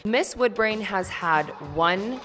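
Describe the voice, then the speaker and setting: A woman's voice: mid-range voice, expressive, takes it slowly, over loud music. A woman DIY vlogger narrating in a chatty, candid voice-over with self-deprecating asides.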